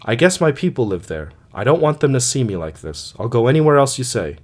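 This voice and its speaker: A man's voice: medium pitch, sing-song, brisk. A man reading aloud, voicing a desperate young woman fugitive who pleads breathlessly. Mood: pleading. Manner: breathless, imploring.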